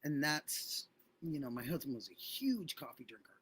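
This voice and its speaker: A woman's voice: extremely low pitch, sing-song, normal speed, fairly bright tone, slight background noise. A middle-aged woman hosting a casual livestream, chatting effusively and thanking viewers by name. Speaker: livestream host.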